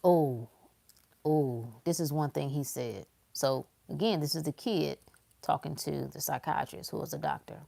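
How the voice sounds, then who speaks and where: A woman's voice: sits low, unhurried, creaky, mellow. Emphatic woman preaching on a livestream. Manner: emphatic and preachy, repeating phrases. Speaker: motivational livestream host. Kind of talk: casual motivational talk to a live audience.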